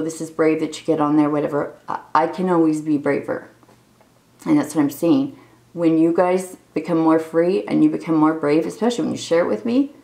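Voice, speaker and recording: Gravelly-voiced woman in her forties, confessional. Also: deep voice, a little mellow, low-quality recording. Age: 40s. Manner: candid, emotional, rambling confessional talk. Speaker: vlogger. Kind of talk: unscripted personal video diary.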